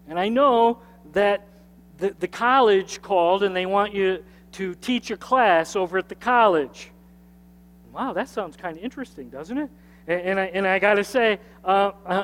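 A man with a high voice preaches to his congregation, driving his points home through repetition and inviting them to say the lines with him. His words ring out with a long reverb in a church sanctuary. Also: animated, measured pace. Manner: repetitive, emphatic preaching with call-and-response. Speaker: pastor. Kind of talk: sermon.

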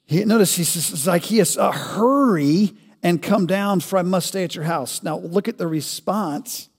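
A man preaching a sermon as pastor, asking rhetorical questions and building to loud, emphatic peaks. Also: high-pitched, a little slow, husky, in a large hall.

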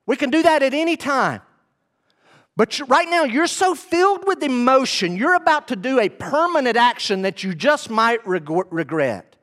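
A male preacher voicing a wise elder council teacher who pleads with angry men to calm down and wait. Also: very high-pitched, normal speed, pitched above the performer's own voice. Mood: urgent pleading. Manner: pleading, urgent, then hushed and soothing.

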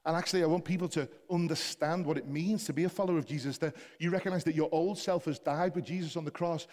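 Impassioned Scouse preacher in a reverberant hall. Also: male voice, a little high, fairly even intonation, quick pace, darkish tone. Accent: Liverpool (Scouse). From Liverpool, England. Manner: impassioned, building to emphatic exhortation. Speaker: pastor. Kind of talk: sermon. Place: church hall.

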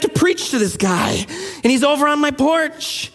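A man preaching a sermon as a pastor, telling stories in a conversational, animated way. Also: very high voice, normal speed, creaky, in a large hall. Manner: conversational, animated storytelling with rising intensity.

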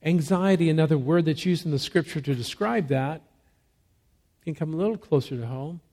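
Man preaching a dynamic sermon. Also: fairly high pitch. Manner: swings from soft, slow emphasis to loud, rising exhortation; asks rhetorical questions and answers them. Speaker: pastor.

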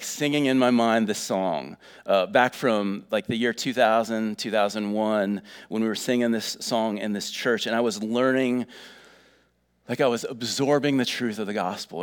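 A man's voice: fairly low pitch, smooth. A middle-aged man preaching a sermon in a folksy, earnest way, full of fillers. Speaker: pastor.

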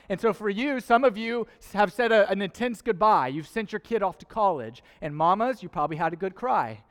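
A man's voice: high-pitched, lively intonation, brisk, few pauses, fairly bright tone, clean tone. A young man preaching a sermon in a casual, conversational way, full of rhetorical questions and playful asides. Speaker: pastor. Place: church auditorium. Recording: long hall reverb.

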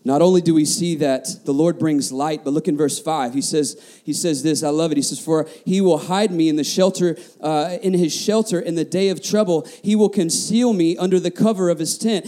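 A man's voice: a little high, steady tone, normal speed, hardly any pauses, warm tone. A man preaching a sermon as a pastor, passionate, often repeating words and asking the congregation questions.

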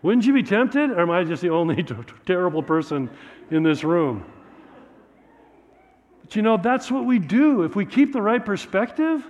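A man's voice: high-pitched, sing-song, moderate pace, darkish tone, highs cut off. A man preaching a sermon as a pastor, in a conversational, joking storytelling manner. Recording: echoey hall.

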